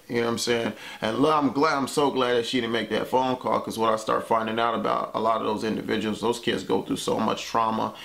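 A man's voice: mid-range voice, little pitch movement, fast, vocal fry, hardly any pauses, fairly bright tone. A young man telling a personal story to the camera in a loose, conversational way, dropping lots of "man" and "you know what I'm saying.". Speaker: vlogger.

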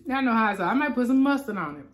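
A woman hosting an eating show from a home man cave, chatting in a relaxed way and talking straight to her viewers. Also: a little high, quick pace. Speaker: mukbang host. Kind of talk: casual eating-show chat.

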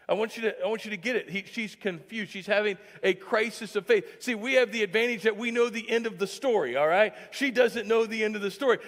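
A man's voice: high-pitched, fairly bright tone, big-room sound. A man preaching a sermon as pastor, joking with the congregation and often asking "all right?". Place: church sanctuary.

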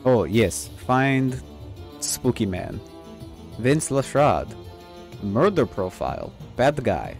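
Man slowly narrating his game stream. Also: medium pitch, sing-song, darkish tone, soft background music. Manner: jokey, swears, reads game text aloud in clipped bits. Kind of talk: casual gameplay commentary. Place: home streaming setup.

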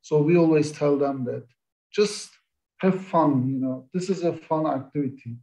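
A middle-aged man speaks as a panelist in an online discussion, and his voice sits a little high while staying dark and mellow in tone. He hesitates often, filling his pauses with "uh". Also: rough recording. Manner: hesitant, many "uh" fillers. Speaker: professor, webinar panelist.

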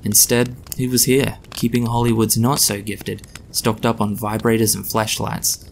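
A man reading his own story aloud in a measured, dry narration. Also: fairly low pitch, level tone, creaky, slight background noise.

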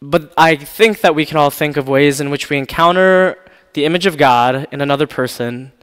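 Speaking at normal speed, this pastor has a slightly high, somewhat bright and smooth voice. His sermon turns into a candid, self-mocking personal story punctuated by laughs, echoing with the long reverb of a church sanctuary.

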